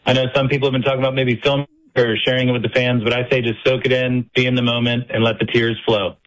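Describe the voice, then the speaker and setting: A man calling in to a radio show, friendly and warm in his well-wishes. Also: medium pitch, level tone, fast talker, rough recording. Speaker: caller. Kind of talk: phone-in call.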